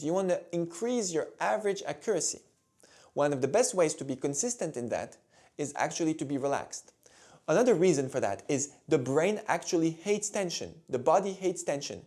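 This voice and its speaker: Male music teacher; steady, patient instruction with a lively melodic voice. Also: fairly high pitch. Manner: calm, clear, demonstrative teaching. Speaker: violin teacher. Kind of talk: instructional video talk.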